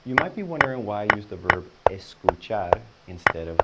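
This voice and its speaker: Patient low-voiced man teaching Spanish. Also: very animated, heavy background noise. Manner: patient, encouraging, repeats each example slowly. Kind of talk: explanatory language lesson.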